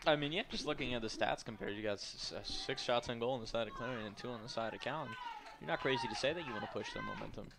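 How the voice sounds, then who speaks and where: A man's voice: medium pitch, fast, creaky, hardly any pauses. A young man doing live play-by-play for a college women's soccer game. He is a bit tired and mixes loose, joking asides into the call. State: tired, yawning. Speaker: play-by-play commentator. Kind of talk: live sports commentary.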